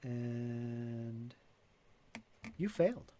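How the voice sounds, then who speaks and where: A man narrating and explaining rules as game master in a live-play tabletop game, casual and steady. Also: mid-range voice, very slow, slight background noise.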